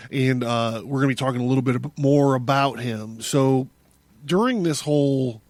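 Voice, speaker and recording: A man's voice: medium pitch, normal speed, darkish tone, no echo. A man hosting his own podcast, talking through a casual solo monologue in a rambling way, with many restarts and chuckles. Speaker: podcast host.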